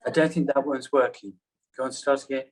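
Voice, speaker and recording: A man's voice: medium pitch, steady tone, fairly quick, low-quality recording. A man giving a talk to a class over a video call, chatty and apologetic, with rambling asides. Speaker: guest teacher on a video call.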